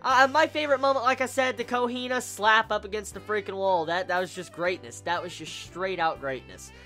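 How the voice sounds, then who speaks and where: Excitable, swearing anime reviewer, faint music. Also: mid-range voice, a little fast. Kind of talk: casual video review.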